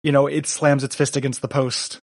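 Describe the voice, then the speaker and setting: A man's voice: mid-range voice, little pitch movement, a little fast, no echo. Casual rambling man on a dry mic. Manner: rambling, many fillers, reads villain lines aloud. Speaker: podcast co-host. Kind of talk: casual comic book discussion.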